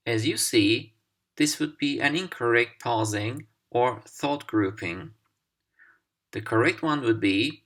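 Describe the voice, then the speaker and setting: Slow, deliberate male English teacher. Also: mid-range voice, lively intonation, fairly bright tone. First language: Turkish. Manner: slow, deliberate and clearly articulated. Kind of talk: instructional video lesson.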